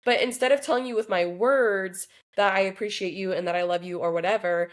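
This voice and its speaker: A woman's voice: medium pitch, brisk. A young adult woman co-hosting a relationship podcast, chatting casually and thinking aloud with lots of fillers. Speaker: podcast co-host. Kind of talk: casual chat.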